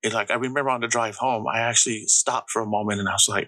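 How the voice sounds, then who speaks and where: A man co-hosting a podcast, telling stories in a casual, animated way and acting out the quotes. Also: fairly low pitch, a little fast, no echo, poor audio. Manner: animated storyteller, acts out quotes. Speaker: podcast co-host.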